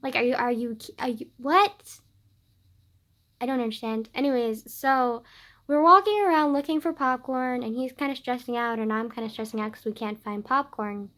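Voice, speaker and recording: Teenage girl, slightly high voice, casual chat, lots of "like", loud bursts and quiet asides. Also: fairly even intonation, a little fast. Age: late teens. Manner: chatty, heavy use of "like", swings between loud outbursts and quiet asides. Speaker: vlogger.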